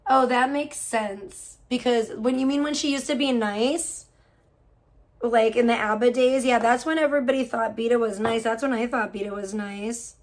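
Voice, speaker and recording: A woman's voice: a little high, fairly even intonation, moderate pace. A woman livestreamer in casual talk, profane and gossipy, venting at length about other streamers.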